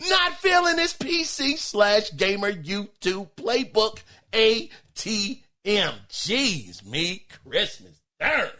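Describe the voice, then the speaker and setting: A middle-aged man hosting a podcast, reacting to listener emails in an emphatic, exclaiming, animated way. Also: high-pitched, slow pace, few pauses. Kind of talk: casual podcast commentary.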